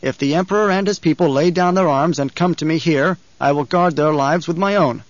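A man's voice: fairly high pitch, no room sound, dull audio, lightly acted. A man reading a grave commanding young duke. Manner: formal, measured, commanding.

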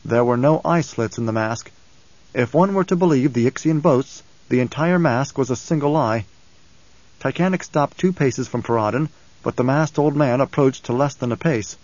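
A man reading an audiobook in a measured, even storytelling manner. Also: medium pitch, no room sound, lo-fi sound. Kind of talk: audiobook narration.

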